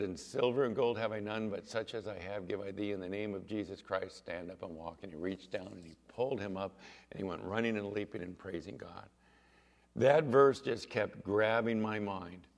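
A middle-aged man preaching a sermon, telling a personal story in an animated storytelling manner. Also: mid-range voice. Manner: animated storyteller, rising to excited exclaims. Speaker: pastor.

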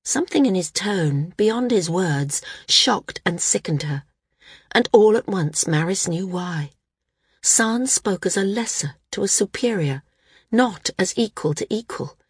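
A woman narrating a fantasy audiobook in a steady, measured way. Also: medium pitch, slightly rough, no echo, clean studio sound.

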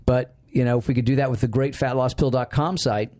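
A man's voice: mid-range voice, brisk. A man hosting a podcast in casual chat, telling stories and acting out quoted dialogue. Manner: animated storyteller who acts out quoted dialogue. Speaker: podcast host.

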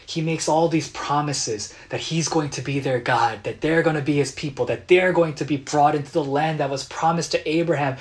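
A man preaching a sermon as a pastor, earnest and dramatic, acting out quotes with bursts of loud emotion. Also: fairly high pitch. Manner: earnest, dramatic retellings with sudden loud outbursts.

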